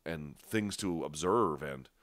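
Low-voiced man hosting a casual live chat. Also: expressive, slow, no echo. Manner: conversational, frequent restarts and fillers, emphatic asides. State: stuffy nose. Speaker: livestream host. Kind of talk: casual live chat answering viewer questions.

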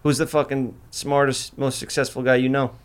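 A man's voice: mid-range voice, level tone, moderate pace, clear, resonant tone. A man hosting a podcast in casual chat, brash and boastful, swearing freely as he talks. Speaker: podcast host.

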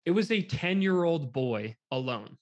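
A young man telling a story in casual conversation, lively and quoting people as he goes, with lots of filler words. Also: fairly high pitch, unhurried, lo-fi sound. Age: young adult.

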